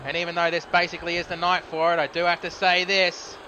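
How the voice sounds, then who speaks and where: A man's voice: sits high, monotone, fast talker, pushed and bright, muffled recording, slight background noise. Chatty Australian man commentating a game. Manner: chatty, self-correcting, mutters at the game. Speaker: gaming streamer. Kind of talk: casual gameplay commentary.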